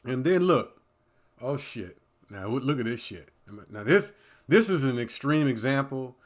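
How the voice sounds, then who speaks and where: A man giving casual reaction commentary, rambling, repeating "man" and restarting phrases, swinging from loud animated bursts down to low muttering. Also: unhurried. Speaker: commentary vlogger.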